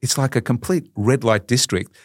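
An Australian man in his sixties, a podcast guest telling stories in a lively, animated way. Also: mid-range voice, moderate pace, no echo, clean studio sound. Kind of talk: casual storytelling.

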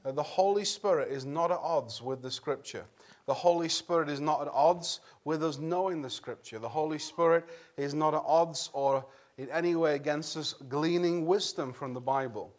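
A man delivers a sermon in a church, his voice sitting a touch high for a man. He speaks earnestly in a conversational way, stopping to clear his throat and circling back on his phrases. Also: moderate pace. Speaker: preacher.

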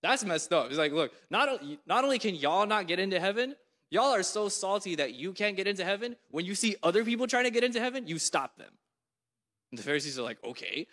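A man's voice: high-pitched, animated, fast talker. A young man giving a casual sermon, chatty and full of "like", who reads scripture aloud with force. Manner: conversational, lots of "like", rising to loud scripture reading. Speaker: preacher. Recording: long hall reverb.

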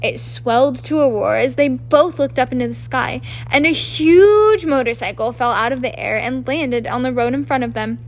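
A woman reading a book aloud as an amateur narrator, in a halting way with frequent restarts. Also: sits high. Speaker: audiobook narrator. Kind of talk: audiobook reading.

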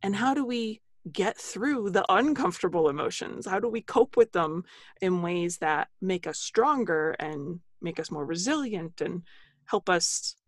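Woman author on a podcast, kinda low voice, earnest and explainy, laughs a lot, dry close sound. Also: lively intonation, a little slow, no room sound. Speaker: author and guest. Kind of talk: podcast interview.

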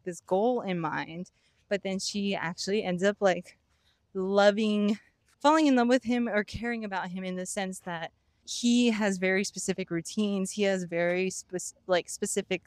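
A woman's voice: mid-range voice, no echo, studio quality. A young woman co-hosting a podcast, rambling with many "like" fillers and breaking into giggles. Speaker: podcast co-host. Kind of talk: casual chat.

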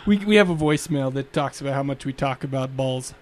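A man's voice: mid-range voice, fast. A man co-hosting a podcast who chats casually and teases his co-host with frequent laughs. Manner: playful teasing, laughs often. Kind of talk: casual banter.

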